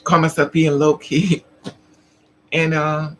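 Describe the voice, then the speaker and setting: A woman's voice: low voice, flat delivery, slow, fairly bright tone, slight background noise, rough recording. A trans woman telling a story casually to her live chat, laughing often and acting out the other people in it. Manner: chatty, laughing, acts out other people's lines. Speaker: vlogger.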